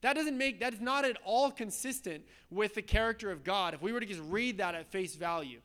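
Man, pastor, sermon, high bright voice, emphatic, conversational. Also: animated, brisk. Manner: emphatic, conversational, frequent "okay?" and "right?" check-ins.

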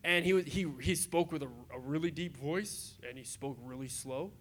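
A man with a high voice preaches in a loose, conversational way, like a pastor chatting with his congregation. He is animated, drops in quick asides and slips into acted-out voices to make his points. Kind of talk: casual conversational sermon.

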